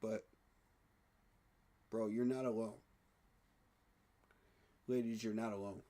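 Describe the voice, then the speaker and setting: A man talking excitedly in a casual fan reaction vlog, emotional and repeating himself. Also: lowish voice, slow. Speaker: sports fan vlogger.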